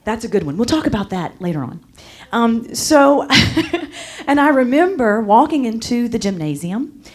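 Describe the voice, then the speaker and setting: A motivational speaker, a woman with a fairly high voice and an unhurried pace, tells a story to a live audience, shifting animatedly between loud and soft.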